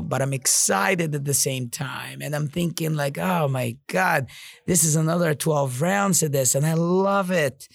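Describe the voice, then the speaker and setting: Podcast guy, raspy fry in his voice, kinda high, swears a lot, says like constantly. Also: dry recording. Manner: blunt and profane, heavy use of "like" and "you know". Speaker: podcast host and business owner. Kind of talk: casual motivational podcast monologue.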